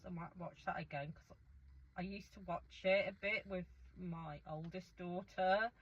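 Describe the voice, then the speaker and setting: A woman's voice: lowish voice, fairly even intonation, measured pace, highs cut off, slight background noise. A middle-aged woman chatting casually through an eating show, rambling and talking to herself as she goes. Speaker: food vlogger.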